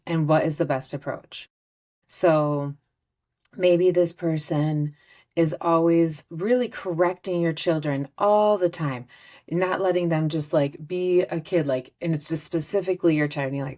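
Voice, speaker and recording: A woman with a notably low voice hosts her own self-help podcast. She talks in an earnest, easygoing way, slipping into little acted-out conversations as examples. She sounds like a middle-aged host speaking straight to her listeners. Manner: earnest, gently conversational, often acts out example dialogue.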